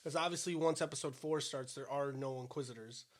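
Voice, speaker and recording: A man's voice: medium pitch, steady tone, fairly quick. A man co-hosting a casual eating podcast, chatty and hedging with fillers as he talks. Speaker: podcast co-host. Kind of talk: casual chat while eating.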